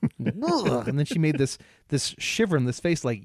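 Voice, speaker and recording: A man co-hosting a podcast, telling a rambling story in casual chat, halting often, laughing, and imitating bystanders' voices. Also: mid-range voice, lively intonation, darkish tone, dry recording, clean studio sound. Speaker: podcast co-host.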